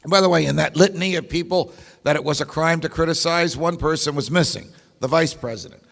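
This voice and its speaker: A keynote speaker talks quickly in a gravelly, slightly bright voice pitched a little high. His lecture-style delivery is emphatic and story-driven, peppered with rhetorical questions and wry asides, and the large meeting hall gives the recording a long reverb.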